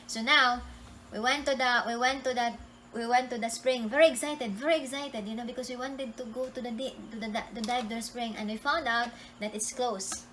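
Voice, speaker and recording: Woman, higher pitch, animated casual storytelling, restarts sentences. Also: moderate pace, few pauses, slight background noise. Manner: animated, restarting sentences, acts out quotes loudly. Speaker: co-host.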